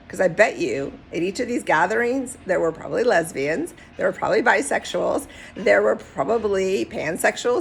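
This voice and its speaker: A woman matchmaker giving candid, direct advice to camera and telling stories with animated retellings. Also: medium pitch, normal speed, vocal fry, a little hiss or hum. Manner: candid, direct, animated storytelling with acted quotes.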